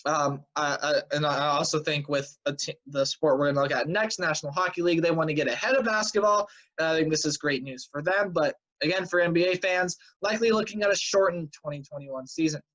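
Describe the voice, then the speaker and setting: A brisk sports show host with a high-leaning, fairly bright voice yawns his way through a casual weekly news recap. He's chatty and tired, with lots of "um" and "uh" and some offhand predictions, all on a dull lo-fi home recording.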